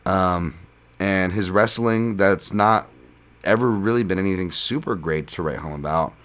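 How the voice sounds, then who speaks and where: A podcast host breaks down fight picks for sports betting on his own, speaking a little slowly in a deep, fairly bright voice. He keeps it loose and casual, with frequent ums and restarts.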